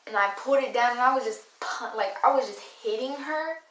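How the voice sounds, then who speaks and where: A woman's voice: on the high side, fairly quick, fairly bright tone, slight background noise. A young woman vlogger telling a story in a casual, blunt, slangy way, full of swearing. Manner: blunt, profane, slangy retelling. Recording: echoey room.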